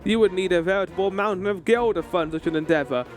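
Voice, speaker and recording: A man reading out the lines of a haughty male imperial commander from a game, in a lowered, mocking and menacing tone. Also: fast talker, soft background music, lightly acted. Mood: scornful. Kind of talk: reading game dialogue aloud.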